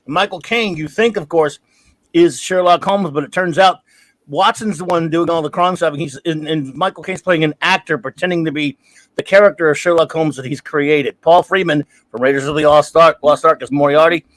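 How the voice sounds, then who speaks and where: A man with a slightly raised voice chats eagerly about an old film he loves. He recommends it warmly to the others. The recording is dry, with no room sound. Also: fairly high pitch, fairly quick, no echo, rough recording. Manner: eager, recommends films with enthusiasm. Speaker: guest on a review show. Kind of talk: casual film chat.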